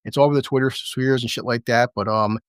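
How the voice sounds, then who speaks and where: A man talks through a TV episode in a loose, profane review, full of sarcasm and mocking asides. His pitch sits in an ordinary middle range. The sound is dry with no room echo. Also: fairly even intonation, clean tone. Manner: impersonates characters in quick asides. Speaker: TV show reviewer. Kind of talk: casual spoken review.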